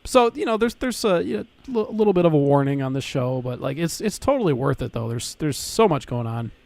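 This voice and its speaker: A man's voice: fairly high pitch, big pitch swings, a little fast, vocal fry, darkish tone, no echo. A man co-hosting a podcast in casual chat, laid-back and full of filler words. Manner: laid-back, says "like" and "dude" a lot. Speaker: podcast co-host.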